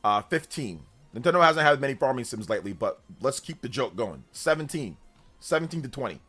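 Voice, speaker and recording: A man's voice: mid-range voice, brisk, husky, soft background music. A man hosting a live stream, chatting casually, reading out chat messages and thanking viewers, often laughing. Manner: animated, reads chat aloud, laughs often. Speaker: livestream host.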